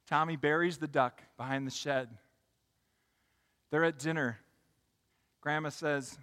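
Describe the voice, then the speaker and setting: A man preaching a sermon in a large hall, telling stories with emphatic swells and quiet drops. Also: on the high side, fairly even intonation, unhurried, pauses often. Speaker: pastor. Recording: long hall reverb.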